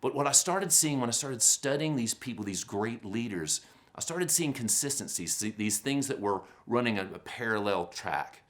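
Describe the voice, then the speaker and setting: Speaking at normal speed in a mid-range voice, a man in his fifties gives a motivational keynote. He tells stories animatedly, pokes fun at himself, and leans on rhetorical questions.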